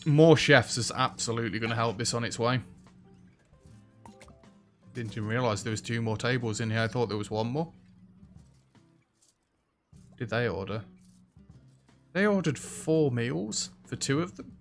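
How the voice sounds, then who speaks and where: A man giving casual, chatty commentary as he plays a restaurant sim, reacting loudly to what happens in the game. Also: medium pitch, lively intonation, a little slow, long pauses. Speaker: let's play host. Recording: faint background music.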